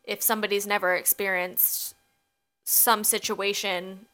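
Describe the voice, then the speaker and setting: A young woman co-hosts a podcast in easy, casual chat. She talks freely, filling her thoughts with ums and likes. Her pitch sits in the middle range. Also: level tone, measured pace, sharp tone. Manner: chatty, lots of ums and likes. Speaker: podcast co-host.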